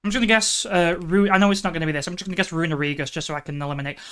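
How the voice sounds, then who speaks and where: A woman's voice: on the low side, steady tone, racing, fairly bright tone, smooth. A woman streaming live, thinking aloud through a guessing game and breaking into exasperated outbursts. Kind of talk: live stream chat while gaming.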